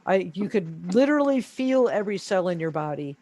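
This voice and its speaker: High-voiced man telling a story. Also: brisk. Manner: storytelling, animated, with many fillers. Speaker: interview guest. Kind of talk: casual interview talk.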